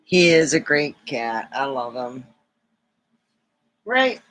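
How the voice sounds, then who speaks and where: A woman hosting a casual livestream, chatting in a rambling, fond way and cooing at her cat. Her voice is bright and a little pointed, and she talks at an unhurried, slow pace. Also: extremely low pitch, big pitch swings. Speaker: livestream host.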